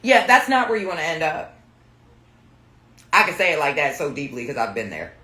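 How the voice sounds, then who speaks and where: A woman reading tarot on a live stream talks in a bright, forceful voice that swings up and down with lively energy. She is blunt, swears often and addresses her audience casually. The sound is roomy, with a noticeable echo off the walls. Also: deep voice, brisk. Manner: blunt, profane and animated. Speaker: tarot reader.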